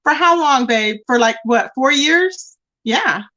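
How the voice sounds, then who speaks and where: A woman hosting a live stream, chatting casually with viewers and mocking a rival in an animated way. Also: high voice, slow pace, dull audio. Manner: animated and mocking, addressing chat as y'all. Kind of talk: casual gossip commentary.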